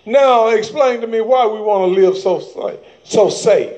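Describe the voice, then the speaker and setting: A man preaching a sermon to his church, calling for amens and breaking into shouted bursts. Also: sits high, a little slow.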